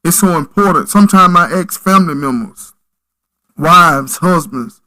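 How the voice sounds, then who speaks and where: A man with a bright, forceful, fairly high voice speaks as a podcast guest. He tells stories earnestly, with a preacher's emphasis. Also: a little slow, poor audio. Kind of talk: storytelling in conversation.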